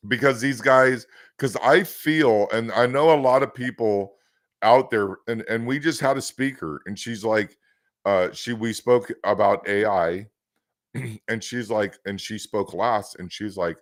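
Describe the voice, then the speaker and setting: Low-voiced chatty West Coast man. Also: a little slow, dry recording, clean studio sound. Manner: rambling, chatty storyteller with many restarts. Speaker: host. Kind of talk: casual podcast chat.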